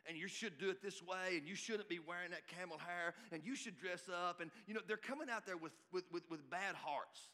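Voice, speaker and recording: A man preaching a sermon, emphatic and climbing to shouts at his peaks. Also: high-pitched, fairly quick, few pauses. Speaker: pastor. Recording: reverberant hall.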